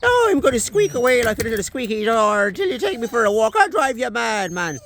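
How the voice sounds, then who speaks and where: A squeaky, hyperactive little Irish dog, put on by a man, cocky and foul-mouthed. The voice sits high and swoops all over the place with every demand. Restless and defiant. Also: big pitch swings, brisk, a bit bright, slight background noise, heavily acted.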